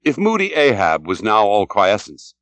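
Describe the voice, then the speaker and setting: A man reading an audiobook as scripted narration, dramatic and expressive. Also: lowish voice, normal speed, no room sound. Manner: dramatic, shouts out the sailors' cries.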